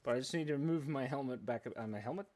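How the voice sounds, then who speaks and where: A man's voice: mid-range voice, quick pace, a little mellow. A man hosting a live drawing stream for kids, chatting playfully and rambling with self-mocking jokes. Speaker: livestream drawing host for kids. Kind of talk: casual live-stream chat.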